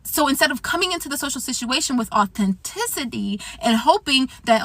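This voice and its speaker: A woman with a high, bright voice lectures bluntly and straight to the camera. The recording is dry and close, with no room sound. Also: lively intonation, quick pace, hardly any pauses, dry recording. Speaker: commentator. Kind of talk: direct-to-camera talk.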